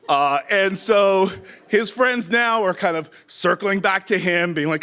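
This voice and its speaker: A middle-aged man telling a live story on stage, animated, acting out shouted quotes. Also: fairly high pitch, moderate pace.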